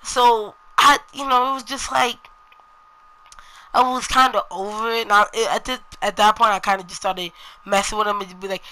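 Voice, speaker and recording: A woman vlogger recounts her day in a loose, rambling storytelling style. Her voice is bright and forward, and she peppers her talk with slang and "you know". Her pitch sits in an ordinary middle range. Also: fairly even intonation, normal speed, low-quality recording. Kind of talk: casual storytelling to camera.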